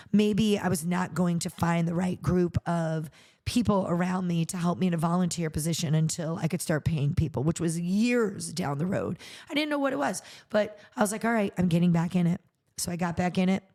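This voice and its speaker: On a podcast, a middle-aged woman who founded a charity tells her own story with earnest animation, acting out what people said to her. Her voice is lowish and she speaks at a normal speed.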